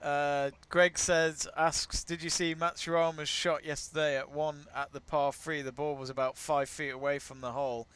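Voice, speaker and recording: A man's voice: a little high, level tone, normal speed, few pauses, a bit bright, smooth. A British man co-hosting a casual sports watch-along stream, chatty, laughing easily and reading viewer comments aloud. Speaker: live stream co-host.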